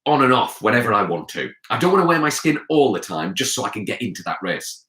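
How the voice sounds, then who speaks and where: A man's voice: mid-range voice, sing-song, fast, sharp tone. A man voicing a boastful young male tortoise who taunts in a sing-song way. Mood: pleading. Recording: roomy echo.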